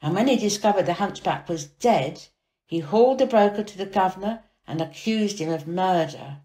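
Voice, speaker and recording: A woman reading a children's storybook aloud as storyteller, expressive and dramatic. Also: mid-range voice, normal speed. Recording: echoey room.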